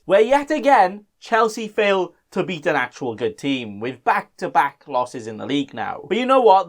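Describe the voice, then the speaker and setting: Lively sarcastic guy. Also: high-pitched. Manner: sarcastic and self-mocking, argues with himself. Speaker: fantasy football channel host. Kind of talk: casual vlog commentary.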